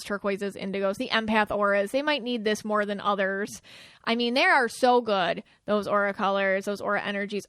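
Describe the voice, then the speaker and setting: A woman's voice: mid-range voice, a bit bright, no room sound, studio quality. A woman hosting a podcast, talking casually and chattily, acting out the quoted lines of the people she describes. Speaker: podcast host.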